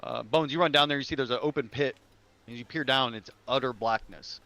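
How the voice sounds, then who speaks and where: A man's voice: mid-range voice, fairly quick, pushed and bright, no room sound, lo-fi sound. A man narrating as game master of a tabletop game, talking loosely with many fillers and restarts.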